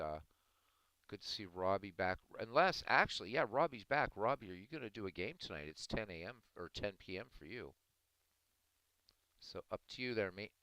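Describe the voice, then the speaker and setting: A man hosting a livestream, chatting casually with viewers in a relaxed, rambling way. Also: deep voice, smooth, no room sound, low-quality recording. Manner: relaxed, rambling, chuckling asides. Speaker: livestream host.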